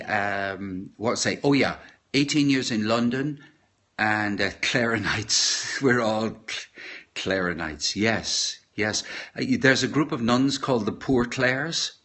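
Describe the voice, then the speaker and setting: A middle-aged Irish man chatting casually on a live stream from his kitchen, rambling and halting with many fillers and restarts. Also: medium pitch, bright, forceful tone. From Ireland. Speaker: podcaster. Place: home kitchen.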